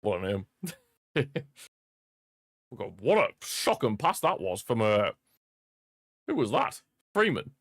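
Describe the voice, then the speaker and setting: This young man's football watchalong stream is casual chat with viewers, full of rambling and chuckles, over a streaming mic. He speaks in a lowish voice with big pitch swings, a slow pace and frequent pauses, in a dry, studio-quality recording.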